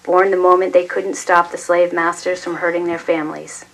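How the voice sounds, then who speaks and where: A woman reading the lines of a proud, authoritative father who speaks gravely. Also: high-pitched, level tone, moderate pace, fairly bright tone, rough recording.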